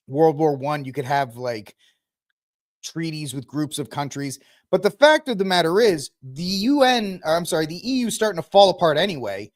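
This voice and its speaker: A male podcast host riffs through the news in a loose, rambling way, full of ums and self-corrections. His voice sits fairly high for a man. The sound is dry and close. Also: no echo. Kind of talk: casual news commentary livestream.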